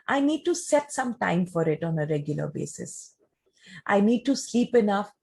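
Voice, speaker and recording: A woman gives a talk and answers audience questions in a measured, explanatory way, often using rhetorical questions. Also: mid-range voice, darkish tone, breathy edge.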